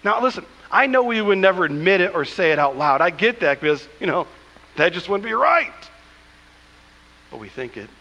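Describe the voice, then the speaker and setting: Male pastor, high and bright, emphatic preaching, long hall reverb. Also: very animated, normal speed, muffled recording. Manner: preaching with emphatic asides, acting out quoted scripture. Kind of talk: sermon. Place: church sanctuary.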